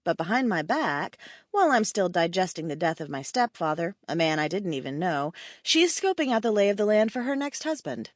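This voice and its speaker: A woman narrating a first-person audiobook in a wry, expressive storytelling manner. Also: lowish voice, fairly quick, few pauses, no echo, clean studio sound.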